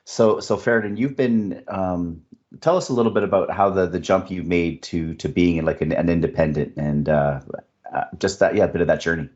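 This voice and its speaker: A man's voice: low voice, moderate pace, darkish tone, lo-fi sound. A man with a Canadian accent hosting a podcast interview, chatting casually with hesitant fillers and restarts. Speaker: podcast host.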